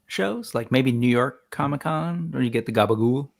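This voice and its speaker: A man's voice: mid-range voice, animated, normal speed, creaky. A man in his forties hosting a casual livestream, chatting loosely and greeting viewers by name as he reads the live chat. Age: 40s. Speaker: host.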